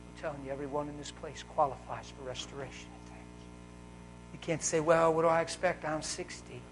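A man preaching a live sermon in a church, wearing a mic, fervent and swinging between loud exclaiming and hushed talk. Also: fairly high pitch, background noise. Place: church service.

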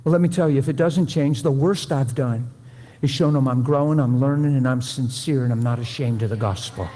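A man's voice: mid-range voice, fairly quick, warm tone. A man preaching a sermon to a room, folksy and conversational, pleading with his listeners. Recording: long hall reverb.

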